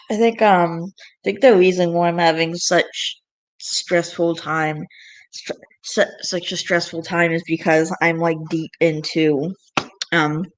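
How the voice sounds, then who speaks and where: A woman's voice: on the low side, fairly even intonation, slow pace. A young woman vlogging, venting in a rambling, frustrated way with frequent sighs. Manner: frustrated, rambling, sighing often. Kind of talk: casual venting monologue.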